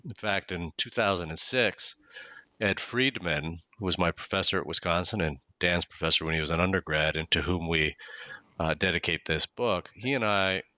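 A man, a guest author, explaining his academic argument in a measured way in an interview. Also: sits low, pushed and bright, no echo.

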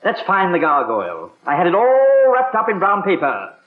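A wry butler. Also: male voice, high-pitched, wildly swooping pitch, moderate pace. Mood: dry. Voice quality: polite, formal and wry. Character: prim, dry-witted English butler, adult man. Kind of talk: 1950s radio sitcom acting. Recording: dull, roomy 1950s radio broadcast.

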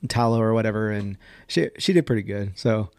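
A man's voice: fairly low pitch, a little fast, a little mellow, clean tone, dry recording. Man, casual podcast chat, laid-back, dry close sound. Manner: laid-back, says "dude" and "like" a lot. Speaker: podcast guest, skincare brand owner.

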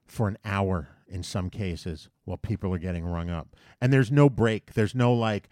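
A man co-hosting a casual podcast, telling a long, animated story with plenty of swearing and restarts. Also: low voice, normal speed, no room sound, studio quality. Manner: animated ranting anecdotes with profanity.

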